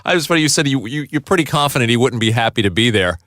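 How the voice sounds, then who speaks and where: A man's voice: mid-range voice, animated, rapid-fire, a bit bright, no echo, studio quality. A man interviewing a guest in casual chat, with brief, encouraging interjections.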